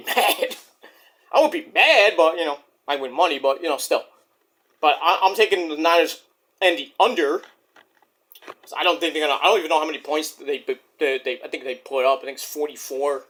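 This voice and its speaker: A man's voice: a little high, a little fast, a bit bright. A young man casually chatting about wrestling predictions, loose and profane, now and then imitating wrestlers. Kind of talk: casual chat.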